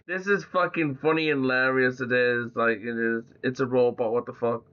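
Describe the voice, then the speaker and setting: A man's voice: medium pitch, steady tone, moderate pace, dull audio. A man streaming, chatting loosely with an AI, full of fillers and swearing. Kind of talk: casual chat.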